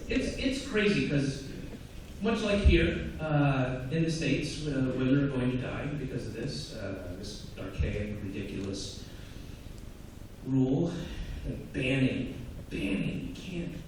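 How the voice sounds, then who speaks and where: A man's voice: mid-range voice, lively intonation, slow, a little mellow, far from the mic. A man performing live stand-up comedy in a sardonic, conversational way, slipping into mocking acted-out asides. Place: large theatre stage. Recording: echoey live theatre recording from afar, audience noise. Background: audience laughter.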